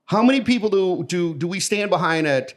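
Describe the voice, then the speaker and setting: Lively middle-aged storyteller man. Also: high-pitched, a little fast. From American Midwest. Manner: animated storyteller who acts out the voices in his anecdotes. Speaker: podcast guest. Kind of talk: casual storytelling conversation.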